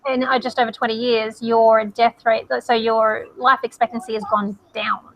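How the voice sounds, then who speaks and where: Aussie lady on a video call, bright higher voice, straight to the point, bit of faint hiss. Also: level tone, moderate pace, rough recording. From Australia. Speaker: co-host. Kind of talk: casual video call chat.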